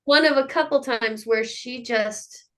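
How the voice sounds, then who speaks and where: A woman's voice: fairly high pitch, measured pace. A middle-aged woman, a mother of child performers, telling stories in a casual interview and acting out what people said. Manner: animated storyteller who acts out quotes.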